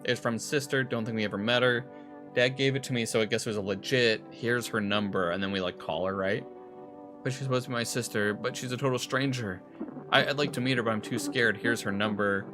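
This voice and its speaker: A man's voice: mid-range voice, fast, music in the background. A young man casually rambling and swearing while playing a horror game. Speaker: streamer. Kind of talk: casual gameplay commentary.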